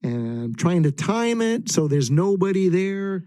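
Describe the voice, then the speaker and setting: Male guest, middle-aged, halting storyteller with a warm, dark tone. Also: high voice, sing-song. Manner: hesitant, frequent "uh" and restarts. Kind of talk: casual storytelling.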